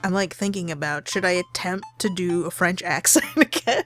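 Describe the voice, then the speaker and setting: A woman's voice: fairly low pitch, normal speed, faint music behind. Chatty woman narrating a game. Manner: chatty, laughing, swearing, playful. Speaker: let's play host. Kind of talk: casual game commentary and narration.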